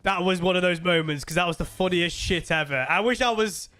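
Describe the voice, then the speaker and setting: Male game streamer: high, bright voice, chatty and rambling with viewers. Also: a little fast. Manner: rambling, laughing storyteller talking to chat. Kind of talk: casual live-stream chat.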